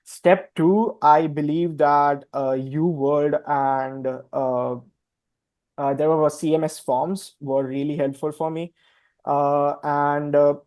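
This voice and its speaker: A man's voice: fairly high pitch, darkish tone, no echo. A young adult man sharing his residency match story in a casual webinar, hesitant with frequent fillers.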